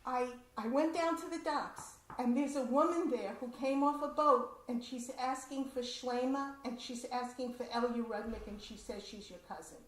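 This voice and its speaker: A woman voicing a mischievous but good-hearted schoolgirl in a told story, speaking in a raised, lively voice. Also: a little high, moderate pace, pitched above the performer's own voice, lightly acted. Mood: pleading. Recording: roomy community hall echo.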